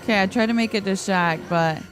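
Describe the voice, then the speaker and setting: A woman streamer with a hoarse, tired morning voice, chatting and giggling casually while she plays and reads her chat aloud. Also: mid-range voice, brisk. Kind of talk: casual gameplay livestream chat. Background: faint background music.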